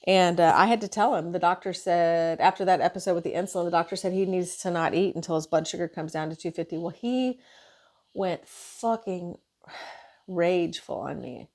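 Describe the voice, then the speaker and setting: Speaking at a moderate pace in a fairly low voice, this female nurse rants casually about her shift. Her telling is animated, profane, and full of frustration.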